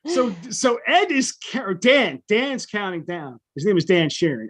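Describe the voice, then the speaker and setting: Middle-aged guy cussing thru a school story, animated, acts out quotes, kinda high voice. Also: a little slow. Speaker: podcast co-host. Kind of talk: casual storytelling chat.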